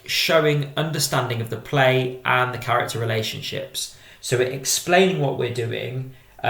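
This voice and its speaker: A man giving a methodical, measured drama exam-prep lesson as a teacher. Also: mid-range voice, vocal fry, a bit bright, echoey room.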